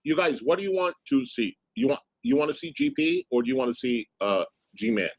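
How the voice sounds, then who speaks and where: A man's voice: mid-range voice, huge pitch swings, brisk, vocal fry, no echo. A man hosting a livestream, reacting to chat with blunt, wry commentary. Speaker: streamer host.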